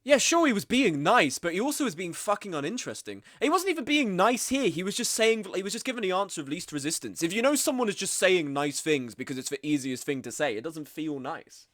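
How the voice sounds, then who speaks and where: Lively swearing streamer man. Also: brisk, hardly any pauses, dry recording, studio quality. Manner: animated, swearing, acts out quoted people in higher voices. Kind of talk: casual live-stream commentary.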